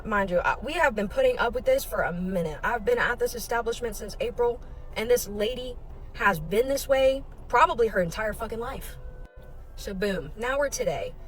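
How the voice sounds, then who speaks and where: A woman's voice: on the high side, moderate pace, faint music behind. A woman telling a casual storytime rant about her job, heated and profane as she recounts it. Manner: heated, profane, animated retelling. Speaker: restaurant kitchen worker telling a story.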